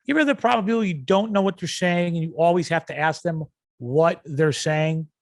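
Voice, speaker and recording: A podcast host rambles through a comic rant in a slightly high voice, talking a little fast. He acts out yelling as he goes. The recording has no room sound.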